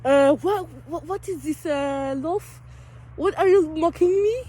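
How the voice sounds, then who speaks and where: A woman's voice: high-pitched, a little slow, mellow. A young French woman vlogging outdoors in a city, talking with a French accent, playful and teasing with big exaggerated reactions. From France. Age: young adult. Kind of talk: playful street vlog.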